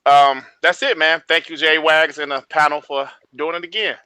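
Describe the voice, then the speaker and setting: A man with a bright, slightly high voice signs off as a podcast panelist in easygoing chat. The sound is dry and close. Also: steady tone, moderate pace, smooth, no room sound. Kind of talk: casual chat.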